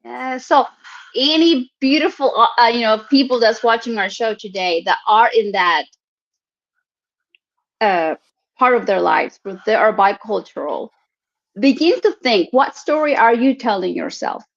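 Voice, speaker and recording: A woman's voice: on the high side, measured pace, gravelly. A woman hosting a talk show, speaking in a reflective, chatty way over a video call. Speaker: host. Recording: dull lo-fi stream audio.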